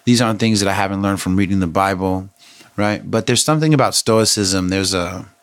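Middle-aged man, lowish voice, candid vlogger storytelling, dry close sound. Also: brisk, no room sound. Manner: candid, conversational, thoughtful, with frequent fillers. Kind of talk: reflective personal storytelling.

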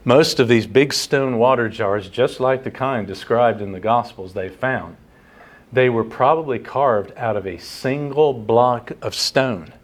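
A man's voice: medium pitch, measured pace. Guy preaching a bible sermon, earnest, asks the crowd questions, repeats stuff to drive it home. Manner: earnest teaching, rhetorical questions, repeats for emphasis. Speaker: pastor. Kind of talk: expository sermon.

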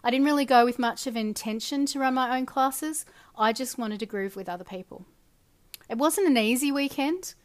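Soft-spoken woman narrating. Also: sits high, normal speed. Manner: soft, earnest, drops quiet at phrase ends. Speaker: dance facilitator. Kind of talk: reflective personal narration.

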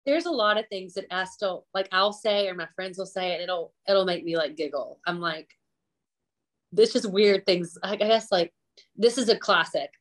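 A woman's voice: mid-range voice, normal speed. A woman with a Southern US accent from the Gulf South, a chef chatting candidly as a podcast guest and laughing often. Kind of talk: casual interview chat.

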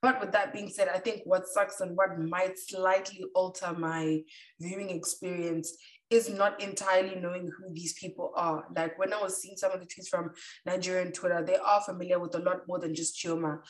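A woman co-hosts a podcast, casually reviewing a reality show in loose, chatty talk packed with fillers, especially "like." Her voice is fairly low and flat, at a moderate pace. The room sounds echoey, and she's a bit far from the mic.

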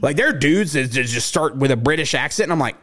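A man's voice: a little high, lively intonation, fast, fairly bright tone. A man with a faded Southern US accent hosting a podcast, joking crudely, swearing and laughing often. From Southern United States. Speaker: podcast host. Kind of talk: crude casual chat.

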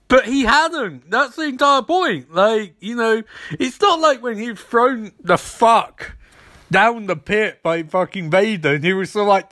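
High-voiced guy swearing his way thru a movie rant, pitch all over the place, dry close sound. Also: no echo. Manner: animated, sweary, mocking voices for quoted characters. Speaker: film reviewer. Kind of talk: profane ranting movie review.

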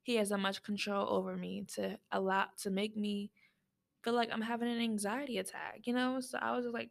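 A woman's voice: mid-range voice, level tone, fairly quick, gravelly. A young adult woman hosting a podcast, telling a personal story in a casual, rambling way with lots of fillers, speaking straight to her listeners. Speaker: podcast host.

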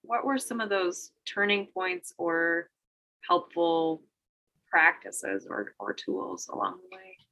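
A woman asking an interview question slowly and thoughtfully. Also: lowish voice, sing-song, sharp tone, rough recording.

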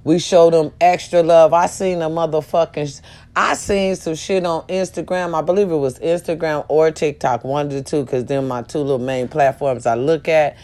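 A woman's voice: deep voice, fairly even intonation, normal speed, darkish tone. A woman talking casually to her viewers, telling a story with profanity and sudden shrieks. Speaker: vlogger.

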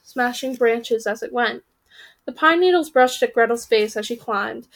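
A woman reading a children's fantasy story aloud, voicing the characters and stopping to correct her own slips. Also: on the high side.

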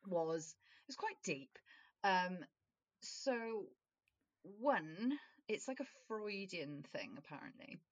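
A woman's voice: fairly low pitch, lively intonation, slow, dry recording. A young woman in her twenties from Wales, chatting on a podcast, laughing often and swearing casually. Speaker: podcast co-host.

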